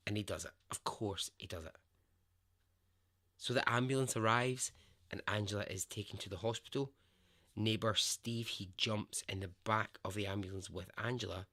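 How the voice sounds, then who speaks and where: A man's voice: lowish voice, steady tone, normal speed, sharp tone. A man hosting a podcast, telling a true story in a conversational, emphatic way and swearing freely. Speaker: podcast host.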